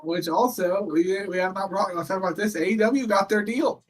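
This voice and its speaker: A man co-hosting a laid-back chat about wrestling, his voice sitting a bit higher than most. He rambles from thought to thought and leans on a steady stream of fillers. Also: normal speed. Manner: rambling, filler-heavy, chatty. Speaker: co-host. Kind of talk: casual chat.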